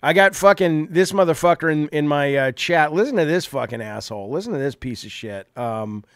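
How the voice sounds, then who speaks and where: A man hosting a livestream, swearing heavily and swinging from low mumbled asides to loud indignant rants. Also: lively intonation, a little fast. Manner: heavy swearing. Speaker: livestream host. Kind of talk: profane livestream rant.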